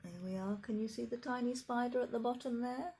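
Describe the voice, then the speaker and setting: A woman reading a children's picture book aloud in animated storytime narration, with chatty asides to the children listening. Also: on the high side, a little fast, slightly rough.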